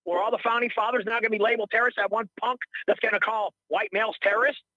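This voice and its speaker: A man's voice: sits high, fairly even intonation, rapid-fire, pushed and bright, dry recording, muffled recording. A middle-aged man calling in to a radio show, ranting in a heated, rambling, indignant way and repeating himself. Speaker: caller. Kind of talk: heated call-in rant.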